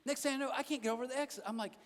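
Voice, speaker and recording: A man preaching a sermon as a pastor, telling animated stories with self-deprecating jokes and talking directly to the crowd in a church auditorium. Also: very high voice, very fast. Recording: long hall reverb.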